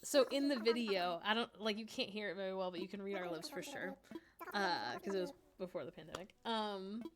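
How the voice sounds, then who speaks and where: A woman's voice: mid-range voice, brisk, a crowd in the background. A woman live streamer chatting casually and giggling while she plays a game, full of fillers. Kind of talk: casual chat while gaming. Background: game music.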